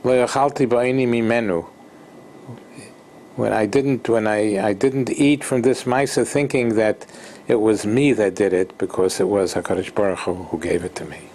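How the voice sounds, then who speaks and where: A man teaching an informal Torah lesson, halting and repeating himself, mixing Hebrew terms into English. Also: on the low side, fairly even intonation, a little mellow, a little hiss or hum. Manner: slow, halting, repeats words and restarts.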